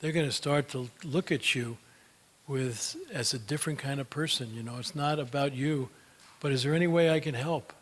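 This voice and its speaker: An older man speaks in a relaxed, folksy way, telling stories to an audience and drifting through fillers as he goes. His voice sits at an ordinary middle pitch. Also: moderate pace. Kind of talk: motivational talk with Q&A.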